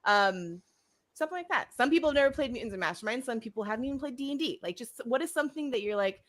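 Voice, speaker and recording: A woman's voice: on the high side, lively intonation, quick pace, fairly bright tone. A woman from the United States co-hosting a live stream, chatting casually and laughing often. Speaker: podcast co-host.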